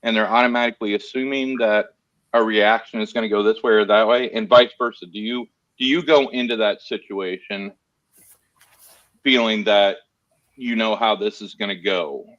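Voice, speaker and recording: Joking man with a bright voice, lo-fi mic. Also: lowish voice, steady tone, normal speed, dry recording. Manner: joking, laughs often, loud bursts. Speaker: panel guest. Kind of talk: casual panel chat. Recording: dull lo-fi mic.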